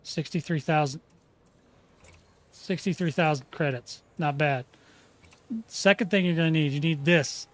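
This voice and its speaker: A man's voice: fairly high pitch, fairly bright tone, no echo. A man hosting a casual game tutorial, folksy and chatty, often restarting sentences and checking in with "okay?". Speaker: gaming channel host.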